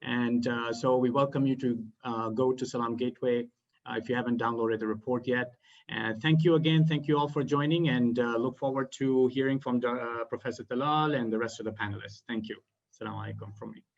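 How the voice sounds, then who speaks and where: A man's voice: mid-range voice, steady tone, a little fast, vocal fry. Polite man over dull lo-fi audio. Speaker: report presenter. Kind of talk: online panel closing remarks.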